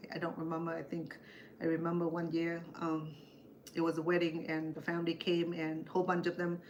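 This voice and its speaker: A woman's voice: sits low, monotone, a little fast, muffled recording, slight background noise. An older woman, chatting and rambling through family stories as she cooks for her show. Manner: chatty, rambling, acts out family members' voices. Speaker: cooking show host. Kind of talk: storytelling while cooking.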